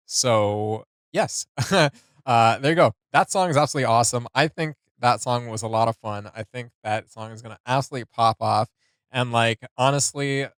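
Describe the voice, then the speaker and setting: A man hosts a music reaction video in a relaxed, chatty way. He laughs often and reads notes aloud with plenty of fillers. His mid-range voice sounds dry and close. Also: mid-range voice, smooth, no echo. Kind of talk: casual reaction commentary.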